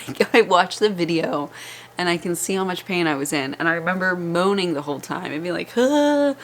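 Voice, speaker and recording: A young woman chatting to her camera at home, candid and talkative, with a slightly low voice. She sounds worn out and laughs easily between thoughts. A faint hiss sits under the recording. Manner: chatty and candid, laughs often, rising excitement. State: exhausted. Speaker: vlogger. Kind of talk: casual chat. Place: at home, indoors. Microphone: vlogging microphone.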